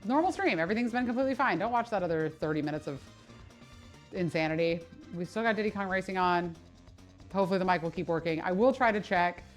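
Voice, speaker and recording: A woman with a voice on the low side talks quickly over faint background music. Working out live on stream, the personal trainer chats casually, curses, mocks herself, and laughs frequently in an animated manner.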